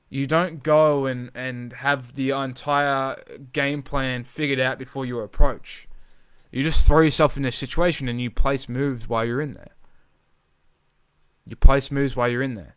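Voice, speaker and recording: A man coaching in a live, unscripted video, talking with energy and driving points home by repeating himself, swearing as he goes. His voice is smooth and resonant at a middling pitch. The sound is dry and close. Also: moderate pace, no room sound. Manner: energetic, emphatic, swears freely, repeats phrases for emphasis. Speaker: social confidence coach.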